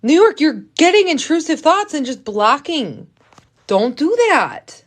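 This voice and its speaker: This Canadian woman's voice sits high and is very animated, though her pace stays measured. She's live-streaming from her kitchen, cooking while she chats casually with viewers and playfully scolds them.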